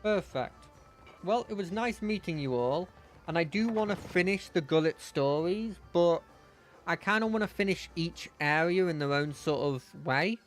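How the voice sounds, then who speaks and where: A man records a casual let's play, reading the game's narration aloud and chatting through his choices. His voice sits a bit high for a man, and soft game music plays underneath. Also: normal speed. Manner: casual, reads narration aloud, thinks out loud. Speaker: gamer.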